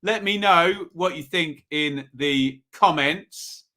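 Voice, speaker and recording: A man's voice: a little high, slow, bright, forceful tone. A man hosting a live football review show, chatting casually and reading out viewer votes. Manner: chatty, reads out viewer comments, pleading. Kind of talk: casual live-stream commentary.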